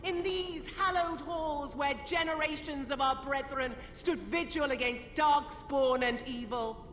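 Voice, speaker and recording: A woman's voice: sits high, measured pace, fairly bright tone, roomy sound, big-room sound, a little hiss or hum. A woman voicing a defiant female commander who gives a rousing, declamatory speech to besieged warriors in a video game cutscene.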